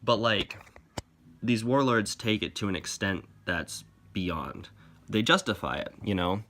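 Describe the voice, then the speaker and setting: A man rants through a comic review in a casual, exasperated way, swearing freely and dripping with sarcasm. His voice sits on the low side but comes out bright and forceful. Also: measured pace.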